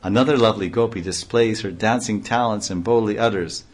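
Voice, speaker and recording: A man's voice: fairly low pitch, a little fast, hardly any pauses. A man giving a devotional reading aloud, breaking off into offhand comments and explanations. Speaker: reader and speaker.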